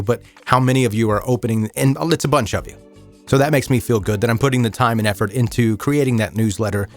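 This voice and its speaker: Male true crime podcast host over soft music. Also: medium pitch. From American South. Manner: measured, somber storytelling then relaxed and chatty. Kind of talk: true crime narration and casual listener chat.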